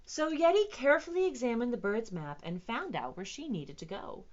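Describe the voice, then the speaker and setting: A woman working as a children's librarian, reading a picture book aloud to young children in a playful, expressive storytime manner. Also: a little high, normal speed, dull audio.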